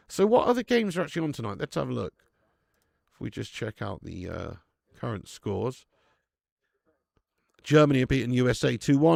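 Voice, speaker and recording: A young man running a live football watch-along, swearing and chatting with viewers between bursts of excited commentary. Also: medium pitch, moderate pace, creaky, pauses often, no echo, studio quality. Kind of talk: live match commentary and casual chat.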